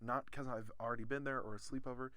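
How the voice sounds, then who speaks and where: Young man with a bright voice. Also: medium pitch, fairly even intonation, fast talker, no echo. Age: young adult. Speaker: student guest. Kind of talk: casual chat.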